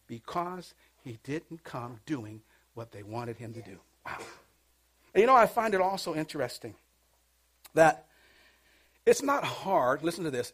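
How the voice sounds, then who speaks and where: Male pastor, high voice, sermon with call-and-response, soft passages building to shouted peaks. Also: husky. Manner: swings from hushed to shouting, call-and-response preaching. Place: church.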